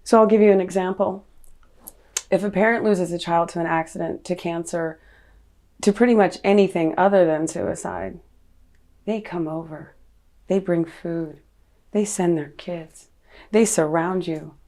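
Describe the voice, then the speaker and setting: Gravelly-voiced middle-aged woman recounting loss. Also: lowish voice, fairly even intonation, measured pace, long pauses, mellow. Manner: raw, earnest recounting of a painful memory. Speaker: podcast guest. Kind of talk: personal storytelling in an interview.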